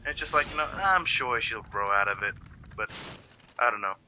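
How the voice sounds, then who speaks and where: A man's voice: medium pitch, animated, brisk, bright, forceful tone, soft background music, low-quality recording. A man co-hosting a let's play, chatting casually in rambling sentences full of restarts and swearing. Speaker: let's play co-host watching. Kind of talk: casual gaming chat.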